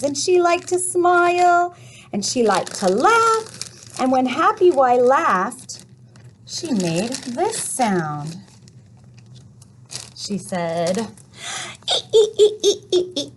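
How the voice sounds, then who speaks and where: A woman teaching a children's phonics lesson, telling a little story slowly and playfully with sound effects. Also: high voice, big pitch swings, slight background noise.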